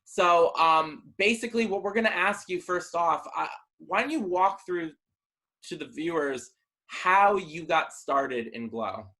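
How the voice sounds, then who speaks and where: A man's voice: a little high, expressive, unhurried, bright, forceful tone. A man hosting an interview show, greeting his guest in an upbeat, welcoming way. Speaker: talk show host.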